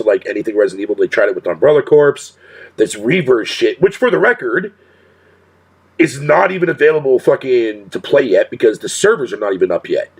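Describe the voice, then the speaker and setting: A man's voice: mid-range voice, breathy edge. A male streamer talking casually to his chat in a profane rant, swearing constantly and laughing often.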